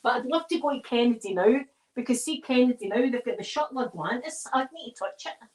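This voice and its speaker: A woman's voice: a little high, lively intonation, fairly quick. A Scottish woman chatting casually and rambling through stories as she decorates a tree for an ASMR video. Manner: rambling, digressive storytelling.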